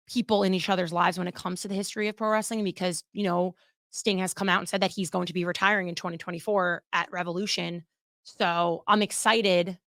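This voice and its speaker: A woman's voice: fairly low pitch, fairly bright tone, no room sound, clean studio sound. A young woman hosting her own podcast, talking casually and candidly, and swearing freely as she chats. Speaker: podcast host. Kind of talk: casual solo podcast commentary.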